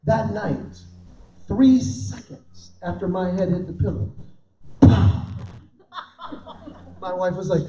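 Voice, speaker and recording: A man's voice: slow, long pauses. A male stand-up comedian telling a story to a dinner crowd, acting out voices as he goes. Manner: animated storytelling, acts out his wife's high shrieks. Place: event hall with audience laughter. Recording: roomy, distant, dull hall recording.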